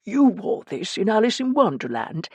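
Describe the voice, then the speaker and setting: A man's voice: sits high, very animated, normal speed, a little mellow, husky, no room sound, voice pushed up, heavily acted. A woman putting on a fussy, doting man. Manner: anxious, doting, easily scandalised. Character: fussy, kindly, worried older man.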